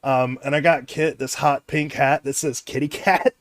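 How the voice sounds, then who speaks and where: A man's voice: mid-range voice, fairly even intonation, moderate pace, dry recording, clean studio sound. A man hosting a casual livestream chat, rambling along and laughing often.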